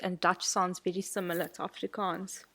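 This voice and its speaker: A woman co-hosting a podcast in casual chat, telling stories in a chatty, animated way. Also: on the low side, normal speed. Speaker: podcast co-host.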